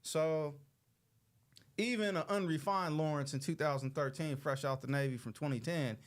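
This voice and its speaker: A man's voice: a little high, normal speed. A man in his thirties from Los Angeles, hosting a show and telling a story in a loose, slangy way, acting out the people he quotes. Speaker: show host. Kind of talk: casual storytelling to an audience.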